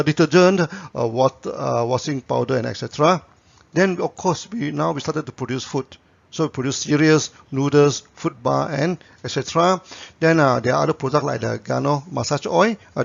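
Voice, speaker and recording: A man's voice: on the high side, creaky. A man, a company founder telling anecdotes in a promotional talk to camera, tagging his sentences with "you know". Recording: dull lo-fi recording.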